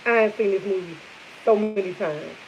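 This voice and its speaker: A woman's voice: mid-range voice, normal speed, a little mellow. A woman vlogger chatting casually with live viewers over morning coffee, rambling and repeating herself. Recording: dull lo-fi sound with faint hiss.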